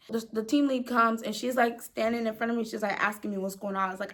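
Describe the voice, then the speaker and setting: A young woman in her twenties casually telling an animated story to her phone camera, with emphatic slang and repeated words. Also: a little high, fast, few pauses. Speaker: storyteller vlogger.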